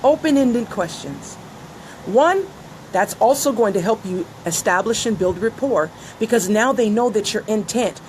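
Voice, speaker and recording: A woman's voice: medium pitch, lively intonation, a little slow, darkish tone, slight background noise, rough recording. A woman giving an earnest motivational talk on business and listening, acting out the conversations she quotes. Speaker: business coach. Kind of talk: motivational teaching monologue.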